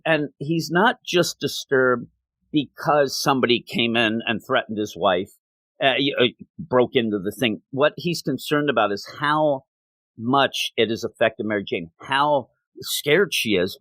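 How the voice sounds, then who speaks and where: Guy recapping a comic on his podcast, chatty, medium-pitched, close dry mic. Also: expressive, a little slow, fairly bright tone, dry recording. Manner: conversational, recapping and quoting dialogue. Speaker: podcast host. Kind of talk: casual comic book review.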